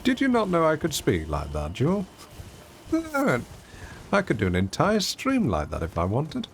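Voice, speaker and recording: A man's voice: a little high, wildly swooping pitch, unhurried, slight background noise. A man giving chatty, self-mocking commentary while streaming a video game to his viewers. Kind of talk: casual gameplay commentary.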